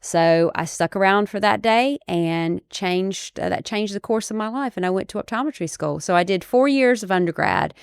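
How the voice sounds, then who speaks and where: A woman's voice: medium pitch, normal speed, creaky, few pauses, smooth, dry recording, studio quality. A woman hosting a podcast, telling a personal story in a casual, conversational way and acting out what people said. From United States. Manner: lively storyteller who acts out quoted speech. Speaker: optometrist podcast host.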